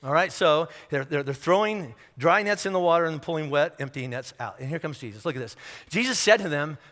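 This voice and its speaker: A man preaching in a big echoey church hall. His voice sits high and sounds bright and forceful. He talks loosely and jokes, slipping into quick voices for the people in his stories. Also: expressive. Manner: conversational and humorous, acting out little scenes. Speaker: pastor. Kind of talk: sermon.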